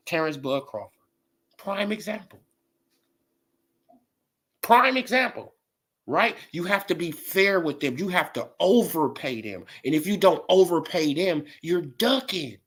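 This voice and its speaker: A man with a husky, higher-than-average voice rants casually about boxing on a livestream, taking his time. He's animated and laughs a lot, leaning on the same fillers again and again, like a boxing commentator.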